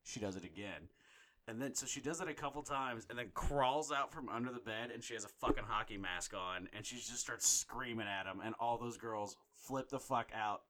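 A man's voice: medium pitch, normal speed. A man in his thirties, a podcast co-host, telling stories in casual, profane chat. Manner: profane, animated storyteller.

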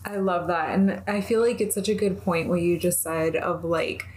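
Woman, podcast guest, earnest, halting, lots of fillers, casual faith chat. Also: fairly low pitch, steady tone, a little mellow.

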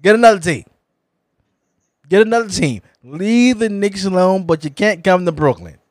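A man's voice: sits high, moderate pace, no room sound, clean studio sound. A man co-hosting a casual sports podcast, teasing his partner with frequent laughs and stammered restarts. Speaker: podcast co-host.

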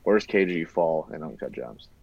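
Deep-voiced man hosting casual chat. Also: lively intonation, normal speed, vocal fry, darkish tone, breathy edge, muffled recording. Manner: laid-back, joking, swears. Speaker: podcast host.

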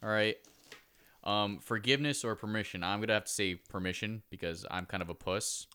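Guy with a lowish but bright punchy voice, self-mocking, swears in casual podcast banter. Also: brisk, smooth. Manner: self-deprecating, crude banter. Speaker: podcast co-host. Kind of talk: casual chat.

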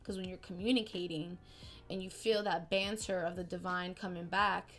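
A woman hosting a spiritual podcast, talking in a casual, slangy, animated way that swings between excited outbursts and softer, quieter stretches. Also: lowish voice, moderate pace, soft background music. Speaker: podcast host.

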